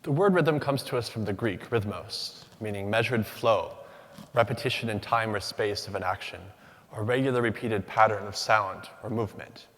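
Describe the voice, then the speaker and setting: A young man delivers a prepared academic lecture in a fairly low voice, pacing his words in measured, rhythmic phrases. His voice carries the long reverb of a large lecture hall. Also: a bit bright. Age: young adult. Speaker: PhD candidate giving a symposium talk.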